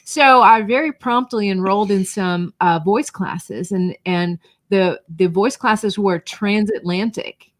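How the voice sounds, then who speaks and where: A woman's voice: medium pitch, takes it slowly, dry recording. Middle-aged woman guest with a barely-there Southern accent; easy, laughing storyteller, dry close mic. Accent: faint Southern US, mostly neutralized. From North Georgia, USA. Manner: chatty storyteller, laughs easily. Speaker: guest, brand coach and podcast host. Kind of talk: conversational interview.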